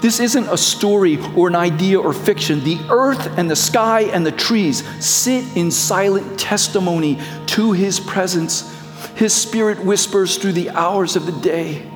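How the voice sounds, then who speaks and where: A middle-aged man preaching a sermon as a pastor, moving from slow reflective passages to quick storytelling. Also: high-pitched, long reverb tail, faint music behind.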